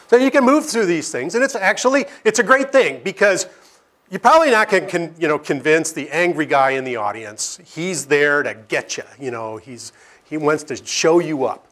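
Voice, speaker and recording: Middle-aged man with a somewhat high voice, giving a joking lecture. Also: animated, fairly quick, pushed and bright. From Seattle, United States. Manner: anecdotal, self-deprecating humor, frequent "okay?" asides. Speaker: climate scientist giving a career lecture. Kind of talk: informal lecture with slides. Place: lecture room with audience.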